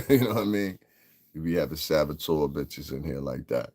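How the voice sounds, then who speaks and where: This New York man speaks at an extremely low pitch, animated and a little mellow, at a moderate pace. He hosts a podcast and riffs on the news on a casual livestream, swearing, rambling and saying the same things again.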